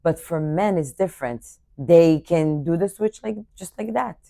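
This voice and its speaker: A woman's voice: lowish voice, lively intonation, unhurried, creaky, mellow, dry recording, studio quality. A woman co-hosting a podcast in casual chat, giving reflective takes and short agreements. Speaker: podcast co-host.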